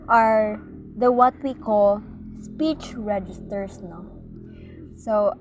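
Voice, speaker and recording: A woman student presenting her part of a class report in an online lesson, deliberate and adding "no?" to check understanding. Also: medium pitch, a little mellow. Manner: slow and deliberate, tag question "no?". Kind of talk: class report on speaking skills.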